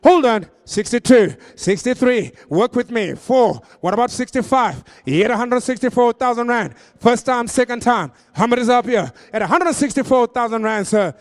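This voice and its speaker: A man working as an auctioneer, pitching vehicles with jokey patter and then rattling off bids in a rapid-fire auction chant. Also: animated. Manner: joking, high-energy patter with rapid-fire bidding calls.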